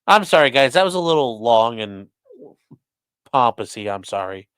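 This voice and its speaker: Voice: medium pitch, very animated, moderate pace, a bit bright, clear, resonant tone, dry recording, clean studio sound. A defense attorney hosting a casual livestream, reading viewer chat aloud and answering in a blunt, profane way.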